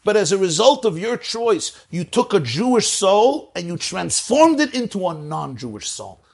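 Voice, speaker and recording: A man teaching a Torah lecture as a rabbi, animated, swinging between soft asides and emphatic declarations. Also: high voice, normal speed, vocal fry, breathy edge.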